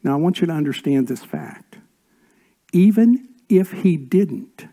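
A man delivers a sermon in a warm, mellow voice that sits a little high for a man. He swings from raised, emphatic passages down to soft, almost whispered asides, and he reads scripture aloud with feeling. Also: expressive, unhurried. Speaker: pastor.

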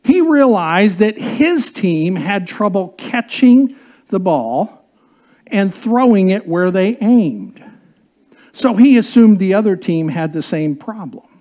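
A preacher giving a sermon and telling a humorous story in an animated way, chuckling along, then dropping low and quiet for the serious points. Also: takes it slowly.

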